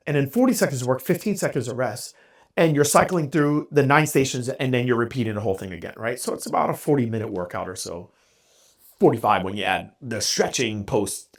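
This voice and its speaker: Male podcast host with a mid-range voice and plenty of swing, candid and self-deprecating. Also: medium pitch. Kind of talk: casual storytelling monologue.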